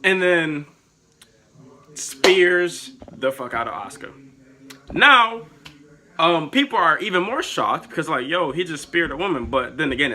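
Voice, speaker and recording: A young man vlogging in a casual, excitable and profane way, rambling as he spins made-up storylines. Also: fairly high pitch. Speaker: wrestling vlogger. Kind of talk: casual chat.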